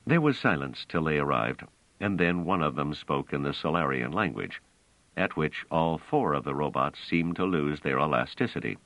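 A man narrating a science fiction audiobook in an expressive storytelling manner. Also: very deep voice, normal speed, dry recording. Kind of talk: scripted narration. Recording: dull, dry audio.

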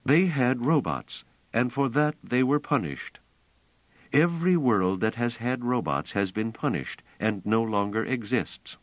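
A man's voice: mid-range voice, lively intonation, dry recording, pitched above the performer's own voice, close to an everyday voice. A man doing a proud, touchy superstitious woman. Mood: intense. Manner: tense, emphatic, slow deliberate delivery. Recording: slightly dull, dry audiobook recording.

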